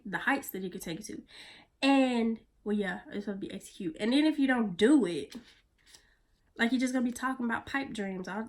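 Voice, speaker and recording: Woman, vlogger, casual motivational talk, blunt, profane, mid-pitched, slips into soft near-whispers.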